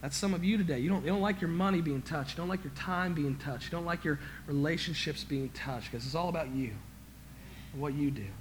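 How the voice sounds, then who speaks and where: A man preaching a sermon as pastor, emphatic, swinging from quiet to loud, stammering and repeating words when he gets worked up. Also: fairly high pitch, a little fast, slight background noise.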